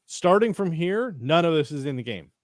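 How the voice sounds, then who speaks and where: A man's voice: on the high side, moderate pace, no room sound, studio quality. Man swearing his way through a TV recap. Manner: profane, excitable retelling with acted-out reactions. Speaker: podcast co-host. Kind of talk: casual chat reviewing a TV episode.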